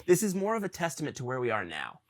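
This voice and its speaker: A young man hosting a podcast, talking earnestly and confessionally with his father, halting with ums and restarts. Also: mid-range voice, wildly swooping pitch. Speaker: podcast host. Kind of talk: emotional conversation with his father.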